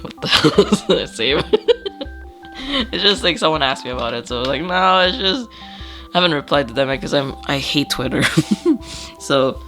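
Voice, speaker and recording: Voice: medium pitch, moderate pace, pauses often, fairly bright tone, faint music behind. An artist casually flipping through a sketchbook, rambling, swearing, laughing often and trailing off, with a slightly stuffy nose.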